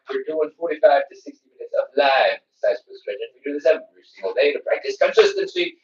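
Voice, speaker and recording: A man's voice: medium pitch, slight background noise. A man leads a live stretching class, talking casually and calling out each rep. His voice comes from a distance in an echoey room. The sound is muffled and lo-fi. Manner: chatty, self-mocking, counts reps aloud. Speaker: stretching instructor. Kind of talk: live follow-along workout coaching. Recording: roomy, distant, dull lo-fi.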